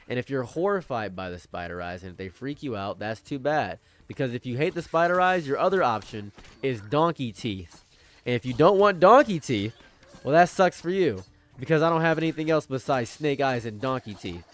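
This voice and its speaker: A man's voice: mid-range voice, animated, a little fast, dry recording. A man talking casually as a vlogger, rambling playfully and repeating his jokes with mock villainy. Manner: playful, repetitive, jokingly villainous.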